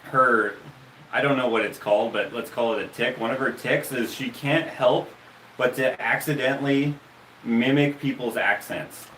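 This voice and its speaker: A Canadian man hosting a casual live stream, pitch in the middle, his story full of stops and restarts. He is some way from the mic and the room rings around him. Faint noise hums underneath. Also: a bit bright, echoey room, recorded from a distance, rough recording. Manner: halting, many restarts and fillers, laughs often.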